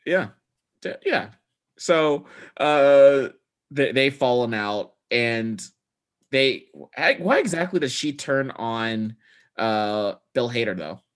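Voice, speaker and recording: A man's voice: mid-range voice, animated, slow. A man co-hosting a podcast, recapping a movie in rambling, profane casual chat full of fillers and restarts. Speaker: podcast co-host.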